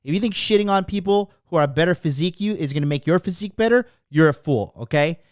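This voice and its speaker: A man's voice: a little high, animated, quick pace, no echo, studio quality. A man in his thirties hosting a live stream, talking casually in an emphatic, profane, preachy way. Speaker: host.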